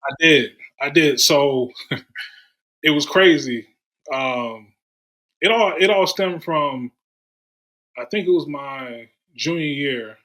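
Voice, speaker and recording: A man from Durham, North Carolina, sits as a podcast guest and talks through his stories in an easy, casual way. His voice is bright and forward, and he slips into the voices of people he quotes. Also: fairly high pitch, takes it slowly, pauses often, poor audio. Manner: animated storyteller, acts out quoted voices. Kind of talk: casual storytelling chat.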